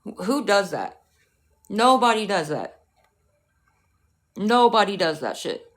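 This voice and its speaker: A woman's voice: medium pitch, sing-song, slow. A woman livestreaming, talking back to her chat in a profane, confrontational, scolding rant.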